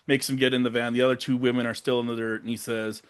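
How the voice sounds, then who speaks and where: A man's voice: mid-range voice, flat delivery, quick pace, clean tone. A young man co-hosting a casual podcast, animatedly retelling scenes and acting out characters' lines with plenty of swearing. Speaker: podcast co-host. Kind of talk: casual movie recap chat.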